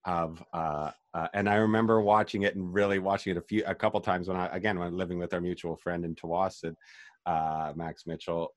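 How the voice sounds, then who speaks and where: A man's voice: low-pitched, little pitch movement, a little fast, no room sound, studio quality. A young man hosting a podcast, chatting casually about films in a rambling way full of fillers and restarts. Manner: rambling, filler-heavy, self-correcting. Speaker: podcast host. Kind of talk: casual film chat.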